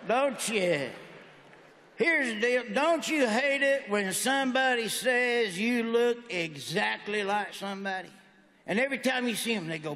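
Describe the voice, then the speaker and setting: A man's voice: high-pitched, unhurried, sharp tone. A man in his forties doing a stand-up comedy routine with folksy, punchy joke delivery in a large auditorium. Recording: echoey hall with faint noise.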